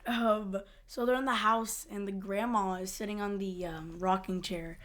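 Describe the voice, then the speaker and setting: A woman's voice: medium pitch, fairly even intonation, normal speed, fairly bright tone. A young woman co-hosting a podcast, retelling TV scenes casually and laughing a lot. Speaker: podcast co-host.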